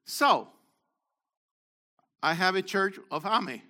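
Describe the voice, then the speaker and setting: An older man preaches slowly in a high-pitched, expressive voice. He questions the congregation, calls on individuals, and moves between loud exhortation and quiet asides.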